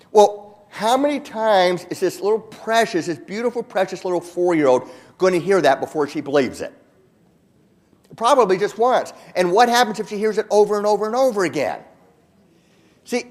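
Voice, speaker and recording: A man giving a motivational keynote talk to a large audience, earnest and emphatic, repeating words and slowing down for key points. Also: high-pitched. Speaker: keynote speaker. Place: large conference hall.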